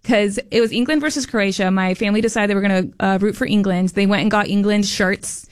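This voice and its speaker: A woman's voice: medium pitch, fairly even intonation, fast, clear, resonant tone, dry recording, studio quality. A woman co-hosting a morning radio show, telling a story in an upbeat, chatty way. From family from Mexico. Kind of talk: casual morning radio chat.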